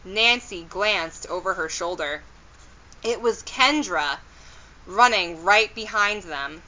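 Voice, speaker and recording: A woman reading a children's storybook aloud as storyteller, gentle and expressive. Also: medium pitch, takes it slowly, highs cut off.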